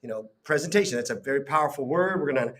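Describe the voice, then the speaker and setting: A man's voice: mid-range voice, animated, fast talker, a bit bright. A man co-hosting a live stream, chatting casually in a playful, teasing way. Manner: playful, teasing, laughs often. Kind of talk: casual banter.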